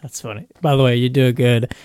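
A man's voice: medium pitch, fairly even intonation, fast talker, darkish tone, clean tone. A man acting as radio co-host, making casual, amused asides with chuckles. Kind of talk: casual banter.

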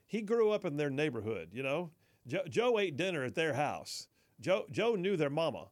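A man's voice: fairly high pitch, very animated, moderate pace. A man hosting a talk radio show, chatting wryly, reading listener texts and laughing along. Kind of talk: casual talk radio commentary.

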